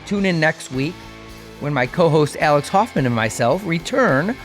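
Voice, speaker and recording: A man's voice: a little high, expressive, moderate pace, soft background music. A man hosting a podcast, giving an upbeat, joking sign-off at the end of the show. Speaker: podcast host. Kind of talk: show outro.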